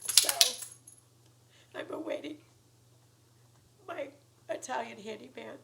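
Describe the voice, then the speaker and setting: A woman making an emotional personal appeal to viewers, earnest and pleading, close to tears, sometimes dropping to soft whispery words. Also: fairly high pitch, slow, creaky, a little hiss or hum, rough recording. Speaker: YouTuber asking for donations.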